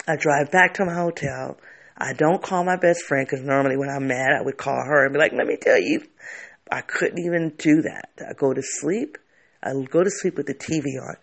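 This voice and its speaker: A man's voice: a little high, fairly quick, gravelly, a bit bright. A man telling a candid personal story to camera, reflective and often restarting his sentences.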